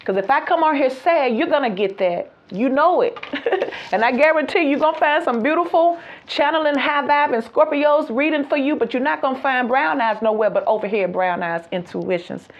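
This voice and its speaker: High, animated woman reading tarot. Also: a little fast, hardly any pauses, muffled recording, slight background noise. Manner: animated, laughs often, sings out phrases. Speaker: tarot reader.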